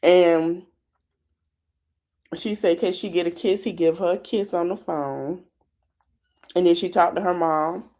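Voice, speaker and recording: A woman's voice: lowish voice, measured pace, long pauses, warm tone. Chatty woman podcaster recapping a show. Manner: chatty, talks straight to her listeners. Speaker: podcast host. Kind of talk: casual reality-show recap.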